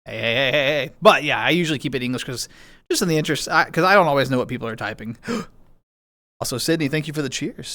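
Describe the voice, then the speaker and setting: A man's voice: mid-range voice, expressive, quick pace, pushed and bright. A man streaming from home, chatting casually with viewers in a playful, chatty way. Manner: chatty, bouncy intonation, playful. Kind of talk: casual chat reading viewer messages.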